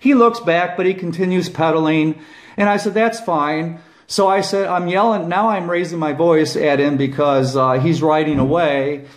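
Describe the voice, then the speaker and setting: Talking casually to camera, a middle-aged ex-cop with a voice on the high side spins a long, meandering tale. "Okay?" and "I said" come up again and again, and his volume jumps as he reenacts the times he yelled.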